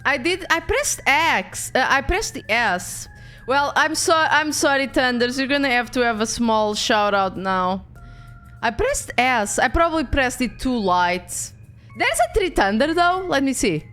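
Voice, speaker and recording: A young woman with a Portuguese accent, chatting casually on a game stream, animated, swearing freely and often restarting her sentences. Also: high voice, measured pace, soft background music.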